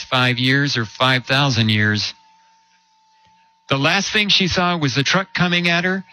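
Bright-voiced man preaching a sermon. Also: mid-range voice, poor audio. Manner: storytelling with rhetorical questions and slow emphatic drops.

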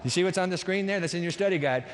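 A male pastor preaching through a Bible passage, telling it as a lively story with asides to the congregation. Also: sits high, very fast. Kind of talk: sermon. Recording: long hall reverb.

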